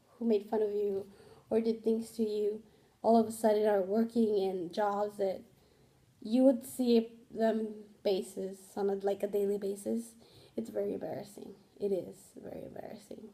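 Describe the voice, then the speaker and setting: Rambling young woman vlogger, mellow voice. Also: medium pitch, fairly even intonation, measured pace. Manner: rambling, candid, swears casually, frequent fillers. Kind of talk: casual rambling vlog.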